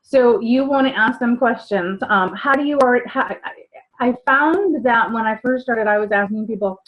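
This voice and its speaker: A woman's voice: fairly high pitch, moderate pace. A woman giving casual sales training, chatty, acting out what customers say. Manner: chatty, acts out customer dialogues. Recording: dull lo-fi sound.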